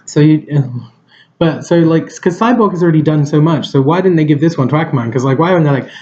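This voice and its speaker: Rambling mellow-voiced man reviewing a film. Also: a little high, lively intonation, fast talker, muffled recording. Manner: rambling, hesitant, many fillers and restarts.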